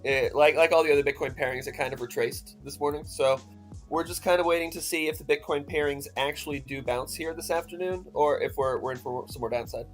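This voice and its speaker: A man's voice: on the high side, brisk, faint music behind. A man co-hosting, walking through chart analysis methodically in a casual tone. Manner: methodical, technical when reading charts. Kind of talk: casual chat and chart commentary.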